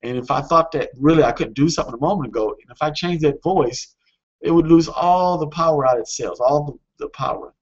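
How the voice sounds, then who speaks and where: A man coaching on a webinar in a casual, earnest way, often pausing with fillers and restarting his sentences. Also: a little high, husky, lo-fi sound.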